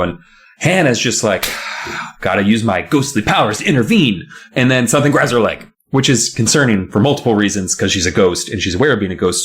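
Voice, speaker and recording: A man co-hosting a casual chat, recapping a book with jokes and quick silly voices for the characters. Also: fairly low pitch. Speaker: podcast co-host recapping a book.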